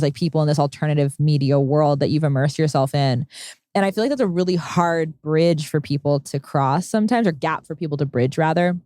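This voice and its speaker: A woman's voice: low-pitched, mellow, no echo, clean studio sound. A woman hosting a podcast interview, curious and thinking aloud as she frames her questions. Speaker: podcast host. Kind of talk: casual interview conversation.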